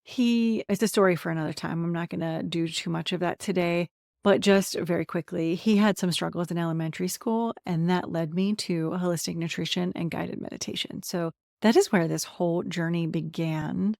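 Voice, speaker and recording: A woman's voice: lowish voice, normal speed, vocal fry, no room sound, clean studio sound. A woman in her forties from central Pennsylvania talking candidly and with self-deprecating humor in a podcast monologue. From central Pennsylvania, USA. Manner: warm, candid, self-deprecating, chatty lists. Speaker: podcast host and coach. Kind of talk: personal monologue to camera.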